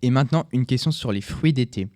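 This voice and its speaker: A man's voice: medium pitch, fast talker, a little mellow, faint music behind. French teen boy hosting a radio quiz. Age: teens. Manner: reads questions and answers, corrects slips. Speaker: student radio host. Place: school library studio.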